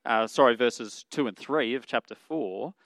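A man delivering a sermon in an earnest, conversational manner at a middling pitch. He corrects himself mid-sentence and goes quieter when quoting scripture. The sound is dry and close. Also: measured pace, creaky, dry recording. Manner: earnest, conversational preaching with fillers and self-corrections. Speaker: pastor.

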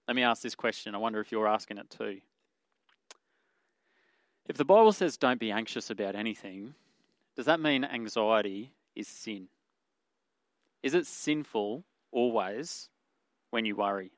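A man preaching a sermon in an earnest, conversational way, pausing with fillers and correcting himself, and dropping softer when he quotes scripture. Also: lowish voice, dry recording. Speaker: pastor.

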